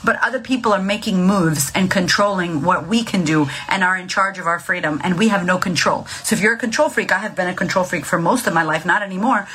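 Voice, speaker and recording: Blunt, profane woman with a husky voice. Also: on the low side, fast, few pauses, fairly bright tone. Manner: blunt, profane, emphatic, coaching. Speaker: vlogger giving mental health tips. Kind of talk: casual motivational monologue.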